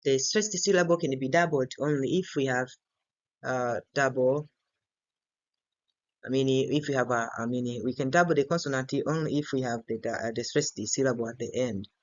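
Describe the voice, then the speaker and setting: A man teaching an English grammar and pronunciation lesson, repeating each word several times to model its stress. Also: mid-range voice. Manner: slow and deliberate, repeats words many times to model stress. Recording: slightly dull lo-fi recording.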